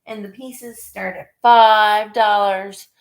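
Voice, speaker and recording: A woman's voice: medium pitch, steady tone, slow. A woman chatting casually with viewers on her live stream, laid-back and chatty. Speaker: live stream host and artist.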